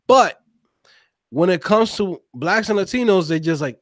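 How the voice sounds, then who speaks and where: A man co-hosting a casual podcast conversation, talking in an animated, slangy, emphatic way. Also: high voice, measured pace, no room sound, studio quality. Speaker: podcast co-host.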